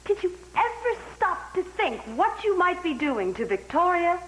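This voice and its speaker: A calm, patient wife. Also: female voice, a little high, fast, a little hiss or hum, rough recording. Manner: calm, soothing, firm. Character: gentle, patient wife of a pushy patriarch. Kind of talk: television soap opera acting.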